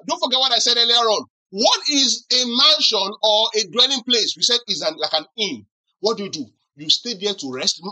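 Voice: mid-range voice, pushed and bright, rough recording. A pastor preaching a sermon who keeps asking the congregation questions to answer back and teases them with acted-out examples. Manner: teasing humor with acted-out examples.

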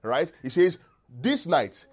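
A man preaching a sermon, often quizzing the congregation and pausing for them to fill in the words of a verse. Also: fairly high pitch, sing-song. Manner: call-and-response, asks congregation to finish verses; checks in often with the listeners.

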